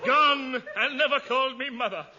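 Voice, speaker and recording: Man, mock-grand radio comedy voice, high, dull hissy old recording. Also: normal speed.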